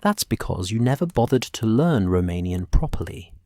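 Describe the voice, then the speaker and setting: A woman dragon handler teases her husband fondly, as a man reads her. The voice stays low. It is close and dry. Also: sing-song, moderate pace, a little mellow, dry recording. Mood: teasing. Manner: teasing, affectionate.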